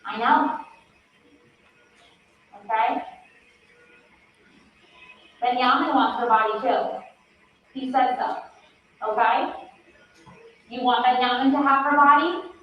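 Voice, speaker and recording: A woman's voice: sits high, slow pace, long pauses. A woman interviewing a patient at a hospital bedside, coaxing and soothing her, repeating short pleas to breathe. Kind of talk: bedside interview recording played in court. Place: hospital room. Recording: echoey, distant, muffled court playback.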